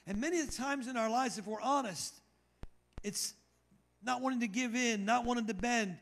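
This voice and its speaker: Pastor guy with a pretty high voice, preaching, leans hard on repeated lines. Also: normal speed, a bit bright. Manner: retells scripture dramatically, repeats key phrases for emphasis. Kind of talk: sermon. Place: church.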